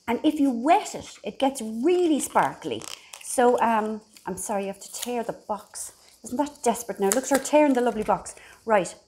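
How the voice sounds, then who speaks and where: A woman's voice: fairly high pitch, darkish tone, slight background noise. Irish woman in her middle years, rambly and self-mocking, chatting into her phone on holiday. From Ireland. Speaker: vlogger. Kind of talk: casual chat to camera. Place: holiday house indoors.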